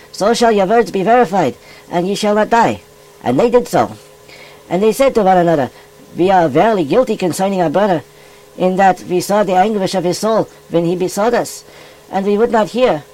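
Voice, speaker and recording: A cheerful furry animal rabbi, played by a man, reads scripture aloud in a high, chirpy voice. His delivery is folksy and emphatic, leaning into the old-fashioned wording like a children's puppet show. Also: a little mellow, low-quality recording. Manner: folksy, emphatic King James reading. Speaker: scripture reader. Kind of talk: puppet-style children's Bible reading.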